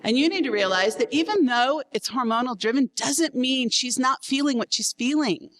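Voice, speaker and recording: A middle-aged woman giving a candid talk to married couples, frank and quick to laugh at herself. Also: high voice, animated, fairly bright tone, poor audio. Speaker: seminar speaker.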